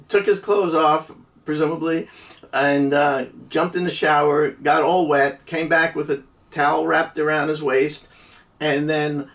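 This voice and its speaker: A man's voice: on the high side, a bit bright, recorded from a distance. A middle-aged man from New Jersey casually telling a rambling story with many restarts and laughs. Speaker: podcast co-host.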